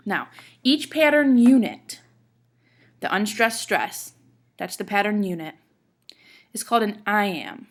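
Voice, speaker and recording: In a slow, sing-song delivery broken by long pauses, a woman of medium pitch teaches a poetry class. She walks her students through each step, checks on them, and recites lines of verse with heavy emphasis on the stresses.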